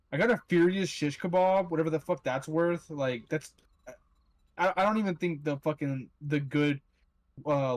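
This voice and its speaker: A man's voice: a little high, darkish tone, dry recording. A young man in casual, profane, laughing banter with friends while gaming.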